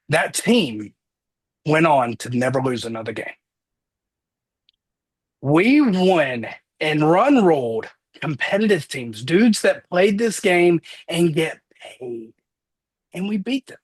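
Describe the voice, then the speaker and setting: A man in his thirties giving an earnest motivational talk, energetic as he tells personal stories on a call. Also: fairly high pitch, takes it slowly, pauses often, slightly rough. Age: 30s. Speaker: motivational speaker.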